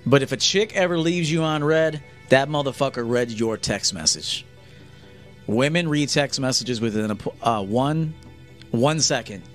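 A male dating coach lectures men on a livestream, bluntly and with plenty of profanity. His voice sits at a middle pitch, with faint music playing under it. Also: lively intonation, normal speed.

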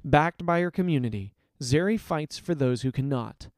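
Gravelly man reading a story. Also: fairly high pitch, animated, moderate pace, a little mellow, no room sound, clean studio sound. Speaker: story reader. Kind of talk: storytelling narration.

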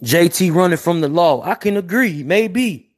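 Brief: high-pitched male streamer, heated and slangy, hammering rhetorical questions. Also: lively intonation, moderate pace. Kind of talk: heated casual commentary.

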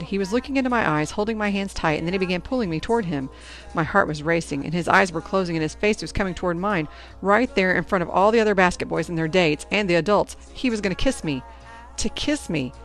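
A woman's voice: lowish voice, fast, faint music behind. Woman narrating a teen novel. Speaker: audiobook narrator. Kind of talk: first-person novel narration.

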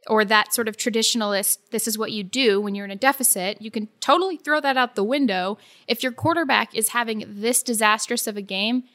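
A woman co-hosting a casual sports talk show, animated and quick to laugh as she acts out what others say. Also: on the high side. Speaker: sports podcast co-host.

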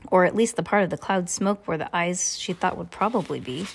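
A woman's voice: lowish voice, brisk, vocal fry, background noise. A woman reading a novel aloud in a casual way, with small slips and asides. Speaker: reader.

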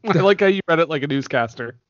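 A man's voice: fairly high pitch, animated, quick pace, a bit bright, no room sound, muffled recording. A man hosting a casual movie podcast, laughing often as he reads reviews aloud. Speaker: podcast host.

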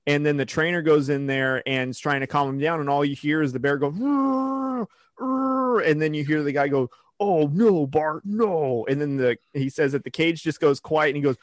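A man's voice: on the high side, level tone, quick pace, hardly any pauses, dry recording, studio quality. A man chatting casually on a podcast, telling rambling stories with lots of fillers. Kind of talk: casual chat.

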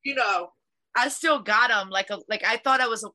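A woman in casual chat, telling a fight story in an animated, profane way. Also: a little high, moderate pace.

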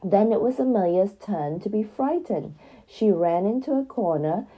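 Woman narrator for children's stories; gentle, even, deep mellow tone with a husky texture. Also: moderate pace, poor audio. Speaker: storyteller. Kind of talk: reading a children's story aloud.

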